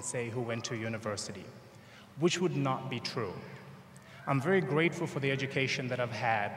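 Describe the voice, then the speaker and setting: A man's voice: mid-range voice, fairly bright tone. A man with a Zambian accent delivers a motivational speech, acting out conversations with humor. His voice rings through a large hall with a long reverb tail. Faint background noise sits underneath. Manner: storytelling, acts out dialogue with humor. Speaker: commencement speaker.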